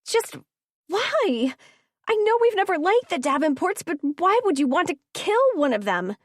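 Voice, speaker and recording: A woman doing a frantic, high teenage girl. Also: sing-song, measured pace, no echo, clean studio sound, exaggerated voice. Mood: shocked. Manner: pleading, rising to outcries.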